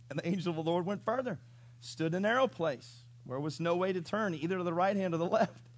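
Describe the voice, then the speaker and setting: A male pastor preaching a sermon in an animated storytelling way, chuckling and asking the congregation questions. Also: sits high.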